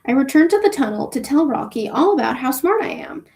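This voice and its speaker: Gravelly woman reading a novel aloud. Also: sits high, big pitch swings, a little fast, a little mellow. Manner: casual, adds offhand asides. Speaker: book club reader.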